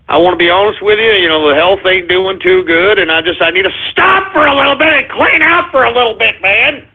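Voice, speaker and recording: A very high-pitched man hosts a call-in radio show, stammering and pleading with his listeners. His voice is husky and breathy. It comes through narrow, phone-like audio. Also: animated, brisk, few pauses. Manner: exasperated, stammering, keeps repeating "man"; pleading, addresses listeners as folks.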